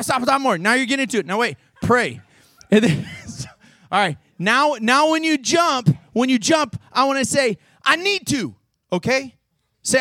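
A man's voice: very high voice, bright, forceful tone, dry recording, studio quality. A man leading a youth sermon, playful and goading, calling out exercise cues to volunteers before an audience.

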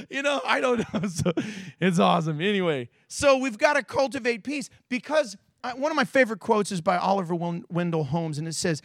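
Man preaching, high voice, bright tone, dry sound, animated, acts out quotes. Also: brisk, vocal fry, no echo. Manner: animated preaching, acting out quotes with big swings in voice. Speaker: pastor. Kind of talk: sermon. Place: church.

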